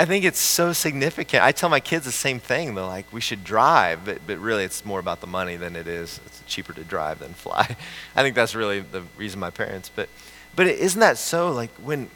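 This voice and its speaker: Middle-aged man, pastor, low-ish bright voice, animated storytelling sermon, faint hum. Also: poor audio. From central United States. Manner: animated storytelling with frequent restarts and laughs. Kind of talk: conversational sermon.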